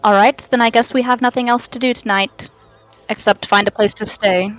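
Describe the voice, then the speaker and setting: A woman in a tabletop game talking quickly and chattily, both as herself and in character. Her pitch is middling, and faint music plays underneath. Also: fairly even intonation, rough recording. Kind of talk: casual chat and in-character talk.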